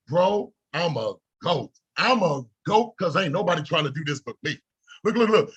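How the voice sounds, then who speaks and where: A middle-aged man giving a preachy, repetitive motivational pep talk as a trading mentor, laughing and breaking into shouts. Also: high-pitched, slightly rough.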